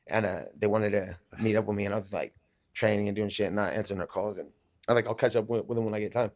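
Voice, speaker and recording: A man's voice: on the low side, steady tone, rapid-fire, dry recording, studio quality. A man casually telling a story in an interview, profane, laid-back and a bit mumbly. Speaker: interview guest.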